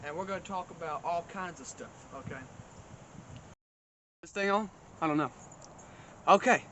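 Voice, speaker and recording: Man, high voice, folksy deadpan comic host, loud noise behind. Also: normal speed. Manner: rambling, folksy, mock-boastful. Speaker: comedy show host. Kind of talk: deadpan comedic monologue. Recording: loud outdoor background noise.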